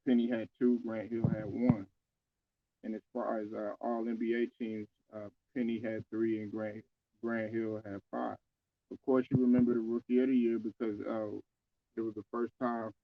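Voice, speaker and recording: A man's voice: on the low side, narrow, tinny audio. A man talking casually about basketball, loose and conversational, with many fillers and restarts. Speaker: sports commentator. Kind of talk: casual basketball opinion talk.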